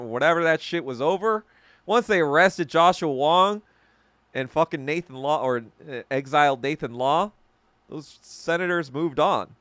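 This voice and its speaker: The podcast host here is a man with a mid-range, slightly bright voice, recorded without room sound. He rants casually, heatedly, and profanely in a rambling monologue, often stopping to correct himself.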